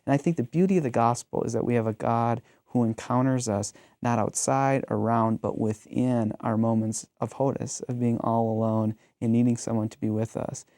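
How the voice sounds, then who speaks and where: A man's voice: mid-range voice, steady tone, normal speed, hardly any pauses, mellow, no echo, clean studio sound. A man in his thirties, a pastor, talking reflectively in a conversational discussion and telling stories with frequent ums.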